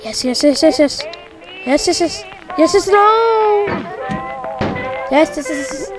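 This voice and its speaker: A woman's voice: high-pitched, big pitch swings, moderate pace, music in the background. A woman playing a frustrating game on camera, exclaiming and muttering at it. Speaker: let's play gamer.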